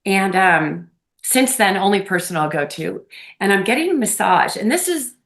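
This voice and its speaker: A woman guest on an interview, telling personal stories in an effusive, animated way and laughing often, talking over a remote call. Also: mid-range voice, normal speed. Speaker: podcast guest, medium. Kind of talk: casual storytelling interview. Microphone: phone or remote call.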